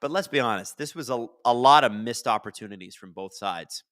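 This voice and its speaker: A man hosting a live hockey watch-along, chatting and reacting loudly to plays. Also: mid-range voice, lively intonation, brisk, no echo, clean studio sound.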